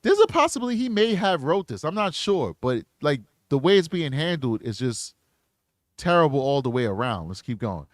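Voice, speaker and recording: A man's voice: fairly high pitch, very animated, moderate pace, no room sound, clean studio sound. A man hosting a true crime channel, commenting bluntly in slangy casual talk while reading posts aloud.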